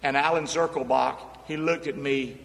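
A man preaching a sermon as pastor, calling on the crowd to repeat his lines and moving between quiet storytelling and shouted peaks. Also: medium pitch, fairly even intonation, normal speed, vocal fry. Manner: calls on the crowd to repeat after him, swings from hushed storytelling to shouting. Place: large unfinished church building. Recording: echoey hall, voice from far off.

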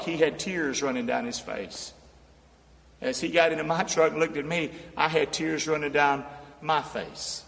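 A fairly high-voiced male pastor delivering a sermon, rallying the congregation to say lines back to him. He drops to hushed storytelling, then climbs to shouted peaks. His voice carries from a distance through a long, ringing hall. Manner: calls on the crowd to repeat after him, swings from hushed storytelling to shouting. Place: large unfinished church building. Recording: echoey hall, voice from far off.

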